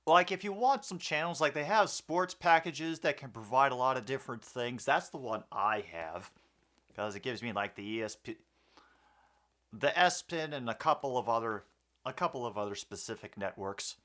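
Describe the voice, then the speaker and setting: A young man doing laid-back play-by-play of a football game. He talks in a rambling, chatty way, full of fillers and restarts as he answers viewers between plays. His voice sits at an ordinary mid pitch for a man. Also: lively intonation, normal speed, a bit bright. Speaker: host of a sports commentary stream. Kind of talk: casual play-by-play commentary and viewer chat.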